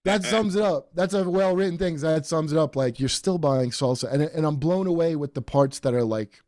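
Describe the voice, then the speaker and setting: A man hosting a podcast in casual chat, rambling and animated with many fillers and restarts. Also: a little high, moderate pace, no room sound, studio quality. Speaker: podcast host.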